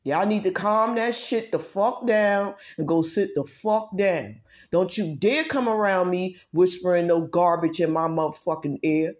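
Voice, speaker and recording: Heated, profane woman ranting. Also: measured pace. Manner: profane, emphatic, repeats phrases for force; swings between loud outbursts and low muttering. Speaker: vlogger.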